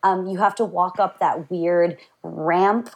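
This is a young woman, talking casually into a podcast mic. She is animated and giggly, piling up fillers as she goes. She sounds like a relaxed co-host trading stories with a friend. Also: on the low side, takes it slowly. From New York. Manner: animated, laughing often, lots of fillers. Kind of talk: casual chat.

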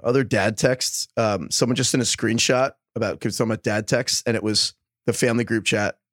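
A man co-hosting a podcast in casual chat, telling animated stories with lots of fillers. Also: medium pitch, moderate pace, no room sound, clean studio sound. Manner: animated storyteller, many fillers. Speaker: podcast host.

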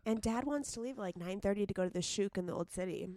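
A woman's voice: mid-range voice, fast talker, darkish tone, no room sound. A sick woman with a sore throat chats casually as a podcast co-host. She rambles and restarts her sentences. The sound is dry and close, with no room around it. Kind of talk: casual chat.

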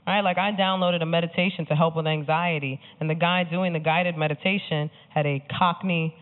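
A woman's voice: lowish voice, fairly even intonation, brisk, phone-quality sound. A woman comedian from the Bronx doing a brash, sassy stand-up set, laughing through her punchlines. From Bronx, New York.

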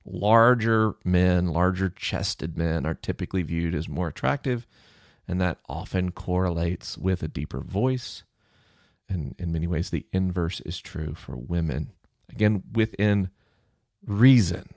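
Relaxed, low-voiced male podcast host. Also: measured pace, no echo, clean studio sound. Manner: relaxed, conversational, explanatory. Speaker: podcast host answering listener questions. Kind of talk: explanatory science Q&A podcast. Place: alone in his office. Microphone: close studio microphone off to the side of the mouth.

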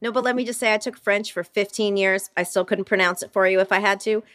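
A woman's voice: medium pitch, steady tone, quick pace, fairly bright tone, clean tone, no room sound. A woman co-hosting a podcast in casual chat, with dry, teasing humor. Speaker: podcast co-host.

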